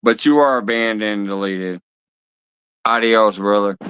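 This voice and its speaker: A man's voice: lowish voice, slow, fairly bright tone, clear, resonant tone, dull audio. A man hosting a live stream who talks to his viewers bluntly and swears heavily as he scolds them. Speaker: livestream host of a fishing channel.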